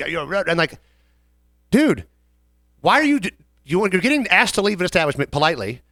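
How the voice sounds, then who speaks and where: A young Southern man tells a story from his bartending shift in a casual podcast chat. He talks fast with a lively, swinging pitch and acts out each customer. His voice is on the high side for a man, recorded dry and close. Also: no echo. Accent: American Southern.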